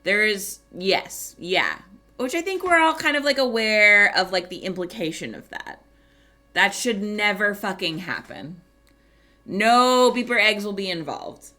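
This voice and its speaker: A woman streamer telling a story in casual chat, animated, swearing and laughing often. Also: mid-range voice, measured pace.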